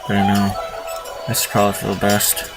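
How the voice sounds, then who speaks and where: Gamer guy reading a story game out loud, low voice, casual jokes, music playing. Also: completely flat delivery, moderate pace, far from the mic, rough recording. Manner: casual, joking asides. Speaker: gaming video host. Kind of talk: reading a visual novel aloud with commentary.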